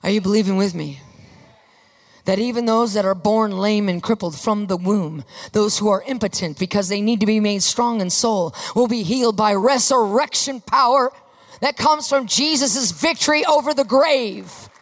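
A woman preaching a sermon with fervor, often rising to emphatic shouts. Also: mid-range voice, normal speed. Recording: long reverb of a large hall.

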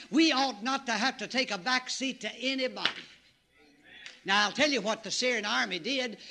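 A middle-aged man preaching a sermon, telling the story in an animated way and breaking into shouts and exclamations. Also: very high voice.

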